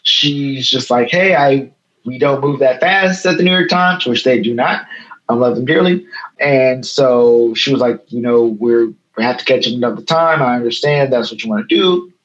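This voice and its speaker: A man from Chicago's South Side in his thirties, speaking as a guest on a casual interview. He tells a story with energy, acting out the quotes as he goes. The recording is a bit dull and lo-fi. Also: medium pitch. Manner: animated, fast storytelling with quoted dialogue. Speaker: guest, photo editor.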